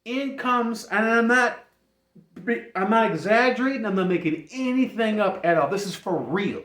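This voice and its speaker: Animated storytelling man, roomy sound. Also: high voice. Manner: animated, laughs often, insists he's not making it up. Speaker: vlogger. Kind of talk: comic storytelling to camera. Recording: roomy echo.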